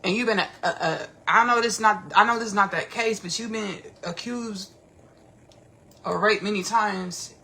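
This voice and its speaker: Woman host, casual live commentary; gravelly fry, bright edge, animated and rambling. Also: medium pitch, moderate pace, slight background noise. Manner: animated, rambling, slangy, repeats herself. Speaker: podcast host.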